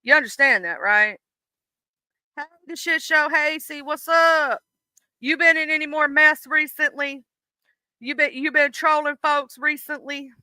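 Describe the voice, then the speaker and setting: A woman's voice: high voice, measured pace, bright, forceful tone, no room sound, rough recording. A woman with a Southern US accent hosting a casual livestream, talking bluntly and with plenty of swearing to her chat. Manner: blunt, profane, talks straight to chat. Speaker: livestream host.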